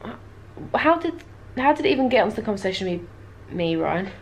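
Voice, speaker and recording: A woman's voice: mid-range voice, big pitch swings, a little fast, a little hiss or hum. A young woman vlogger telling a travel story to camera in a chatty, casual way, laughing often and dropping dry asides.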